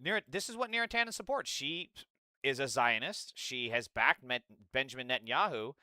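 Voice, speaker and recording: A man's voice: mid-range voice, lively intonation, a little fast, sharp tone, no echo, studio quality. A man hosting a political commentary livestream, talking in a profane, sarcastic and rambling way. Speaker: livestream host.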